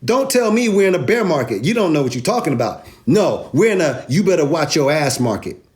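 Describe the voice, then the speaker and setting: Guy going off about markets, high voice bouncing all over, streetwise slang. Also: a little fast. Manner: animated, emphatic, streetwise slang. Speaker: crypto video host. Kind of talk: energetic market commentary.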